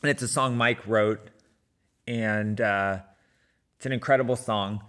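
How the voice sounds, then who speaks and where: A man's voice: fairly low pitch, steady tone, measured pace, a bit bright, clean tone. A middle-aged man casually telling a personal running story, talking with many fillers and restarts. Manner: conversational with frequent fillers and restarts.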